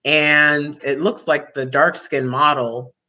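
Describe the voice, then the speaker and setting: Bright-voiced woman rambling through vlog commentary. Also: low voice, steady tone, slow. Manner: rambling, with frequent fillers and laughs. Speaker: vlog host. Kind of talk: casual opinion commentary.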